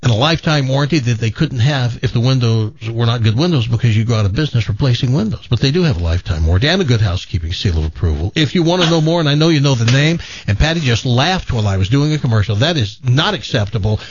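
A man's voice: medium pitch, lively intonation, quick pace, hardly any pauses, slightly rough, highs cut off. A man with a Southern American accent hosting a radio show, chatting and reading ads with jokey asides. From Tennessee. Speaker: radio host. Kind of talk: radio talk and live ad read.

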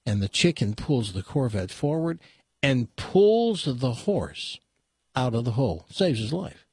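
A man's voice: medium pitch, big pitch swings, unhurried, a little mellow, slightly rough, dry recording, clean studio sound. A man hosting a radio talk show, telling a long joke in a chatty way with stammered restarts. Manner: chatty, stammering restarts, laughs at own punchlines.

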